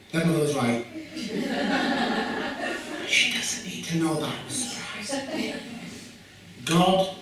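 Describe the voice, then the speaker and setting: Young Yorkshire man with a fairly high voice, animated storyteller at a community evening, heard from a distance in an echoey hall. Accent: Yorkshire English. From Yorkshire, England. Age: young adult. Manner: jokey, animated, asides to the audience. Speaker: youth worker giving a talk. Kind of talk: storytelling talk at a community event. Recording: echoey room from far off with faint noise.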